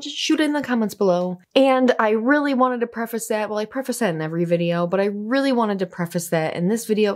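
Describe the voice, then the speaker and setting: A woman hosting a commentary vlog, talking in a chatty, offhand way with filler asides. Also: mid-range voice. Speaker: commentary channel host.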